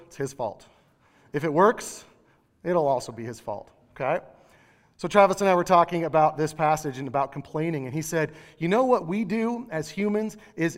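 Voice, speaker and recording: A man preaching a sermon in a church, conversational, with animated asides. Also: on the high side, big-room sound.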